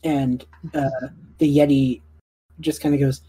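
A young woman narrating a tabletop game as game master, casual and full of fillers, clearing her throat now and then. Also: extremely low pitch, flat delivery, unhurried, warm tone, dry recording.

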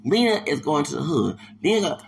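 A man from Houston, Texas, hosting a podcast, delivering a heated, slangy and repetitive rant of commentary with loud bursts of laughter. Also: on the high side, sing-song, normal speed, vocal fry, slight background noise. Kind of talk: ranting commentary monologue.

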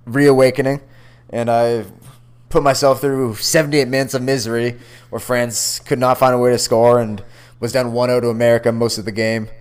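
A young man co-hosts a sports podcast from a computer call, joking freely and swearing as he talks. His voice is smooth and clear, with a medium pitch. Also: level tone, moderate pace. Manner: loose, swearing, joking banter. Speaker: podcast co-host. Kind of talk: casual sports chat.

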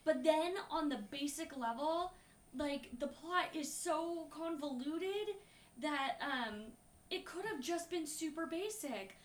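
A woman co-hosting a podcast, rambling and animated through a movie review with plenty of swearing and "like" fillers. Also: high-pitched, slow. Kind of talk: casual chat reviewing a movie. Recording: echoey room, a bit far from mic.

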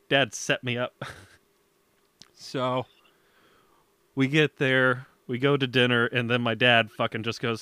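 A man's voice: medium pitch, fairly even intonation, unhurried, long pauses, pushed and bright, clear, resonant tone, no echo. A young man hosting a podcast, telling a story in casual chat, laughing often and swearing as he acts out his parents. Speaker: podcast host.

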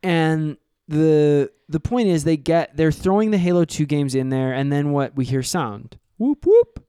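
A man co-hosting a comedy podcast, recapping an episode's plot in an animated way and slipping into silly voices. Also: a little high, measured pace, smooth, no echo, clean studio sound. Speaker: podcast co-host.

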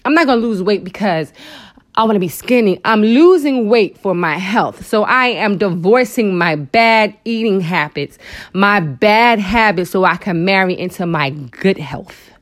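Unhurried and medium-pitched, this woman hosts a faith talk show, delivering Christian motivation with lots of feeling. She chats with listeners as "girl" and "honey," breaking off often to exclaim to the Lord in her animated, expressive preaching.

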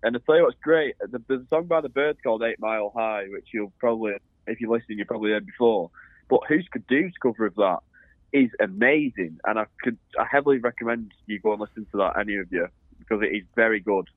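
A man's voice: lowish voice, fast talker, no echo. A man co-hosting a podcast in laid-back casual chat. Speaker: podcast co-host. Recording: tinny phone-like sound.

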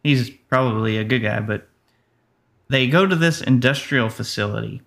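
A man co-hosting a casual movie-review podcast, speaking in a dry, matter-of-fact way with many pauses. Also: mid-range voice, vocal fry, fairly bright tone. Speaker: podcast co-host.

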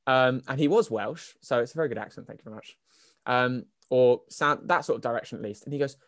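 A man's voice: medium pitch, a little fast, a bit bright, dry recording. Young man, casual and dry-sounding. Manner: swearing, laughing storyteller. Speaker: podcast co-host. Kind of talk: casual chat.

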